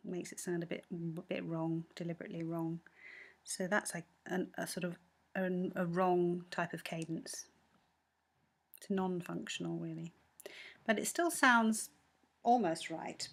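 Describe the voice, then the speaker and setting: A woman teaching a music lesson, patiently explaining a score bar by bar, with frequent ums and self-corrections, sometimes singing short bits of the melody. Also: on the low side.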